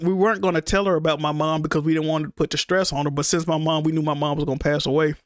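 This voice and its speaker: Grieving male streamer, high voice, dry close sound, rambling and profane as he vents to chat. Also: clear, resonant tone, dry recording. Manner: emotional, rambling, profane venting. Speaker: livestreamer. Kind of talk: casual livestream talk.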